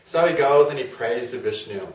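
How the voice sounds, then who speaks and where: A man's voice: mid-range voice, lively intonation, normal speed. Chatty male astrologer in an echoey room. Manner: chatty, with fillers and tag questions. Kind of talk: casual storytelling lecture. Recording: roomy, from a distance.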